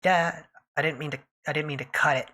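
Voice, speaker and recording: A woman's voice: low-pitched, level tone, racing, bright, forceful tone. A woman streaming live, chatting casually and teasing her viewers by name while she draws.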